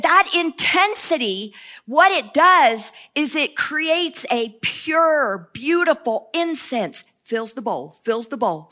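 A woman's voice: sits high, bright, forceful tone. A woman preaching a sermon with passion, mixing joking asides with fervent repeated cries.

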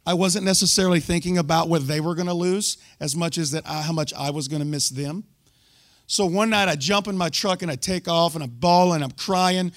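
High-pitched guy sharing his testimony at church, dry sound, gets loud then drops real quiet. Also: fairly quick, dry recording. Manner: animated storytelling, swinging from loud bursts to hushed asides. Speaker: speaker giving a testimony to a church group. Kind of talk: sermon testimony.

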